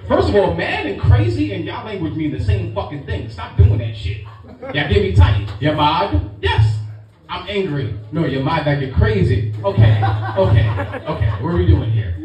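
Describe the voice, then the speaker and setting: Brash New stand-up comedian. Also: male voice, high-pitched, sing-song, normal speed, muffled recording. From Brooklyn, New York. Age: middle-aged. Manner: brash, profane, crowd-teasing. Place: comedy lounge, live audience. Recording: echoey club from far off, music, crowd.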